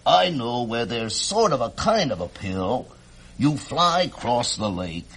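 A man voicing a soft-hearted old male bird doctor who tut-tuts and sighs, in a storybook reading. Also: mid-range voice, big pitch swings, slightly rough, full character voice. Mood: reluctant. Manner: tut-tutting, sighing, unhurried.

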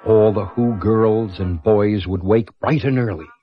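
An older man with a fairly low voice narrates a rhyming storybook at an unhurried pace, rhythmic and playful, building up on repeated words. The recording sounds like a dull lo-fi cassette with music.

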